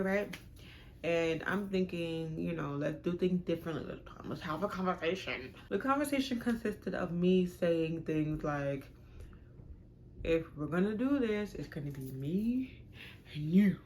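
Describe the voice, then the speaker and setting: Animated woman telling a storytime vlog. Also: a little hiss or hum. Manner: animated, dramatic retelling with sudden pitch jumps. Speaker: vlogger.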